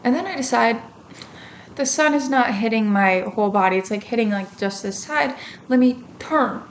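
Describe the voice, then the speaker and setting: A woman's voice: on the high side, normal speed. A young woman vlogging to camera, telling a story in a casual, chatty way with lots of fillers and acted-out reactions. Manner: chatty and animated, lots of fillers, acts out her own reactions. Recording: faint background noise.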